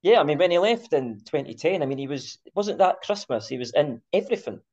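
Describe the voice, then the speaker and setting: A man's voice: fairly high pitch, very animated, fairly quick, a little mellow. A man from Scotland co-hosting a podcast, chatting casually in an easygoing, agreeable way. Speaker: podcast co-host. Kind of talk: casual chat. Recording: dull lo-fi mic.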